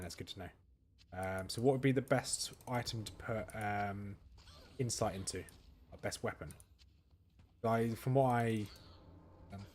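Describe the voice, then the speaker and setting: A man talks loosely through his gameplay, stopping now and then to answer his viewers. His voice sits at an ordinary middle pitch, and a faint noise hums behind it. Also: a little mellow. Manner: thinking aloud, reading chat and answering viewers. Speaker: gaming streamer. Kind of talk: casual gameplay commentary.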